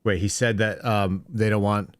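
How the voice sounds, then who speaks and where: A man's voice: on the low side, steady tone, normal speed, clean tone, no room sound, clean studio sound. A man hosting a political talk show, chatting casually and sarcastically with his co-host. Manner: sarcastic, joking. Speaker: podcast host.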